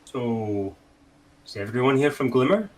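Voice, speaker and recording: A man's voice: medium pitch, animated, measured pace, darkish tone, rough recording. A man playing a tabletop game, asking curious questions in character. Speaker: player. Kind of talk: in-character role-play.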